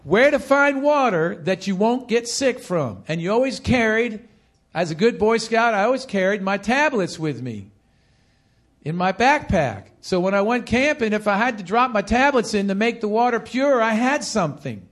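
A man's voice: high voice, moderate pace. A man preaching a sermon as pastor, calling on the congregation to repeat phrases and hammering points home by repetition. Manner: animated preaching with call-and-response.

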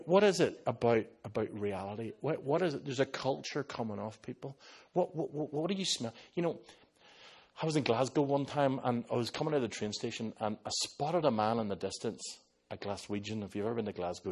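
Husky Irish preacher. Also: male voice, medium pitch, a little fast. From Ireland. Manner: animated preacher who tells stories and slips into voices. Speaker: pastor. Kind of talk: sermon.

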